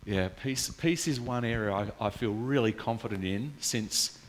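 Chatty pastor in a reverberant hall. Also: male voice, fairly low pitch, moderate pace, a little hiss or hum. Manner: chatty, storytelling, animated with laughs. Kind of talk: sermon. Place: church hall.

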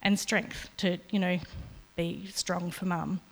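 A woman sharing a halting personal testimony with a congregation in a church, with frequent fillers. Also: lowish voice, level tone. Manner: halting, soft, many fillers. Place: church hall. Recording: reverberant church hall.

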